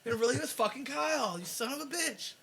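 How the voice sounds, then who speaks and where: A man, a guest on a casual podcast, telling stories in an animated, profane way with lots of laughter. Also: extremely high pitch, a little fast, gravelly, a little hiss or hum.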